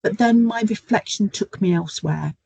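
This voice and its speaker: A woman's voice: mid-range voice, moderate pace, vocal fry, a little mellow, breathy edge, no echo, rough recording. A middle-aged woman, talking through a webinar as a nurse educator in a chatty, storytelling way with frequent ums, over a video call. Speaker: guest speaker, nurse educator. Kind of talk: webinar talk with anecdotes.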